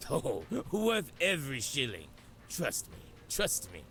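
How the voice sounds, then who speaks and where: A man's voice: medium pitch, wildly swooping pitch, takes it slowly, a bit bright, soft background music, heavily acted. An actor playing a male shopkeeper who puts on an over-the-top posh British accent in a cartoon game. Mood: hammy posh.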